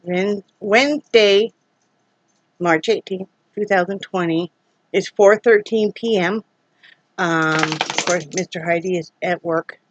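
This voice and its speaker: A woman's voice: on the low side, slow, highs cut off. A woman chatting casually to her viewers from home in a rambling, homey way. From Iowa. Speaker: vlogger. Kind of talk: casual chat to camera.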